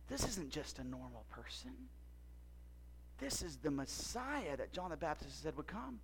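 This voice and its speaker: A man's voice: medium pitch, big pitch swings, normal speed, pauses often, slight background noise, low-quality recording. A man performing a playful first-person Bible story monologue, joking and quizzing the audience. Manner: playful, jokey, asks audience questions. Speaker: costumed storyteller in church skit.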